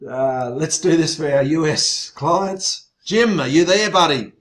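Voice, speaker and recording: A man hosting an online sales webinar, excitable and teasing, his voice growing loud as he gets worked up. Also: on the high side, measured pace. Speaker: webinar host.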